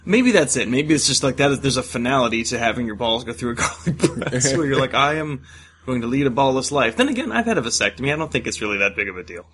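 A man co-hosting a podcast in casual chat about a horror short, crude and joking with quick asides. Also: medium pitch, very animated, fairly bright tone, a little hiss or hum. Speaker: podcast co-host.

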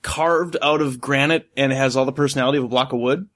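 A man co-hosting a casual movie review chat, animated and joking, laughing often as he riffs. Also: mid-range voice, quick pace. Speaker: podcast co-host.

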